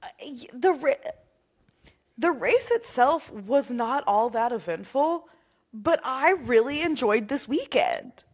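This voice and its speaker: A woman's voice: high voice, sing-song, slow pace, a little mellow, husky. A woman co-hosting a podcast in casual chat, telling stories in an easygoing way on a video call. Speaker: podcast co-host.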